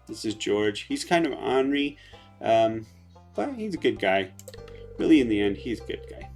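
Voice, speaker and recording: A man casually commenting on gameplay in a relaxed, chatty way, with frequent hesitations. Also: medium pitch, normal speed, soft background music. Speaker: let's play host.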